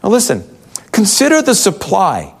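A man's voice: high-pitched, huge pitch swings, moderate pace. A male pastor giving a conversational sermon in a church, full of rhetorical questions.

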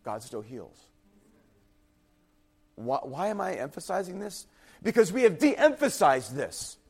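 A man's voice: high-pitched, big pitch swings, unhurried, vocal fry, darkish tone, husky. Earnest, fervent preacher man. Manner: earnest, emphatic preaching with rising intensity. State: voice faltering, drops quiet and husky. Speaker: pastor. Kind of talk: sermon.

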